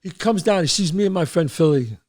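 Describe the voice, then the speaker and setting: A man from the Bronx, hosting a show and telling stories, animated and acting out voices. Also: sits high, fairly quick. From the Bronx, New York. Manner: animated, acts out voices, trails off mid-sentence. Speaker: host. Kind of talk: storytelling.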